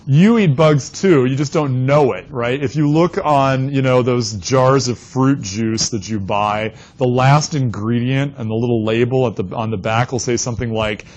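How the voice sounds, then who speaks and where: A man lecturing an anthropology class. He tells a long anecdote in an animated way and often ends his statements with "right?". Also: mid-range voice, moderate pace, few pauses, rough recording.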